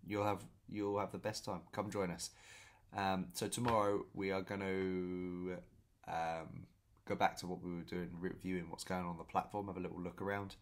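A man telling a story in a casual vlog, chatty and animated, often repeating himself. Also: sits low, moderate pace. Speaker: vlogger.

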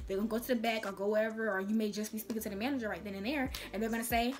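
A woman's voice: on the high side, quick pace, hardly any pauses, fairly bright tone. A young woman giving casual advice in a chatty vlog, speaking in slang and acting out little dialogues. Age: young adult. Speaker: vlogger.

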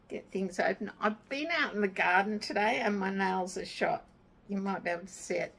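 Gravelly, slow-talking woman. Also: mid-range voice, low-quality recording. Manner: chatty and excitable, easily moved. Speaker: craft vlogger. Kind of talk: casual chat.

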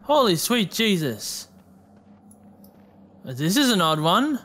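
High, bright-voiced excitable male gamer. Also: takes it slowly. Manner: excitable, swears a lot, shouts at enemies. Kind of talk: let's play commentary.

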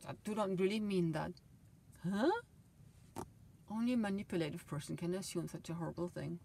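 A middle-aged woman telling a rambling personal story in a vlog, swinging between loud outbursts and quiet asides. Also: medium pitch, vocal fry, a little hiss or hum. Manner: emotional, swings loud and soft, laughs often. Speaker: vlogger.

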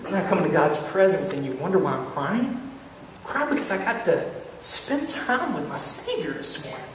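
Brief: male pastor, lively up-and-down delivery, heard from afar in a reverberant church. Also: high-pitched, normal speed, a little hiss or hum. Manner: animated storytelling, repeats "listen", acts out voices. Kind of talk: sermon. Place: church sanctuary. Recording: echoey church hall, mic far off.

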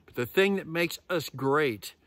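A man preaching in a relaxed, conversational way, slipping into animated quoted voices as he retells stories. His voice sits a little higher than most men's, and the sound is close and dry with no room around it. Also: measured pace, no room sound. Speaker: pastor. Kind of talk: sermon.

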